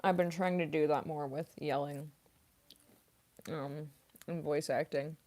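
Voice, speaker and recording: A woman's voice: sits low, steady tone, a little slow, mellow. A young woman voice actress chatting casually on a livestream, reading chat aloud with lots of ums and likes while snacking on chips. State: eating chips while talking.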